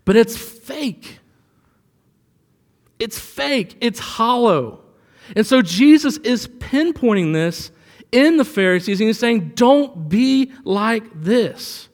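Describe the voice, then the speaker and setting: High-voiced man preaching in an echoing hall. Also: big pitch swings, takes it slowly, pauses often. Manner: conversational preaching with anecdotes, rising for emphasis. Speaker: pastor. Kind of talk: sermon.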